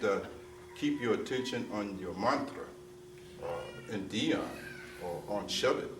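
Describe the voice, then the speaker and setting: Against a noisy background, a man with a low-pitched voice gives a spiritual discourse to a gathered audience. This spiritual teacher is emphatic and repetitive, often asking "you see?" and slipping into street slang, heard through a distant, roomy mic with faint ambience.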